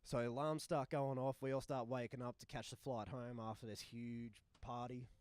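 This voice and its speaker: A young man telling a tour story with swearing, acting out voices and shouting punchlines. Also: mid-range voice, little pitch movement, moderate pace, smooth, no room sound. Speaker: touring musician guest. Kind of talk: animated storytelling. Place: live recording in a bar.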